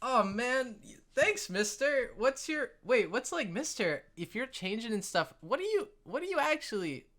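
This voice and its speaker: A man's voice: very high-pitched, sing-song, moderate pace, bright, forceful tone, voice pushed up, full character voice. A man voicing an awed, shy little girl of about seven in a tabletop game. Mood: curious.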